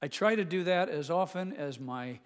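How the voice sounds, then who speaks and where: A man in his sixties delivering a sermon with a fairly high voice. He moves between ringing, emphatic proclamations and soft, close storytelling, and a long reverb trails his words. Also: expressive, moderate pace, clear, resonant tone. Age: 60s. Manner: swings from loud emphatic declarations to hushed intimate storytelling. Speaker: pastor.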